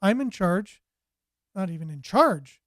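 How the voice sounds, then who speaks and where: A man's voice: high-pitched, very animated, a little slow, a bit bright, no room sound, clean studio sound. A man hosting a commentary show, ranting sarcastically with a stream of rhetorical questions. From Canada. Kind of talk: political commentary monologue.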